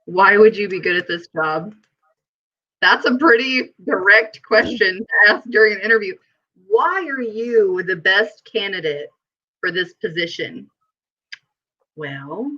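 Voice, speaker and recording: Bright, giggly woman on a video call. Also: mid-range voice, measured pace, long pauses, dull audio. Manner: giggly, animated storytelling with quoted asides. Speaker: host. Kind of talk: casual live-stream chat.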